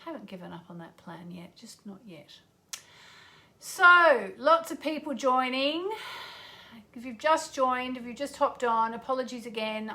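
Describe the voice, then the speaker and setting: Chatty, fairly high-voiced woman astrologer. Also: creaky, bright, forceful tone. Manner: chatty and self-deprecating, greets viewers by name. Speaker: astrologer hosting a live stream. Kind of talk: casual livestream chat.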